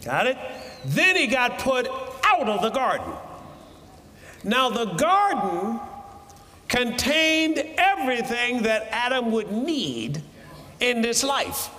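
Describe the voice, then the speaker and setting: A man preaching a sermon in a church, animated and breaking into shouted bursts. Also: very high-pitched, slow, long pauses, in a large hall.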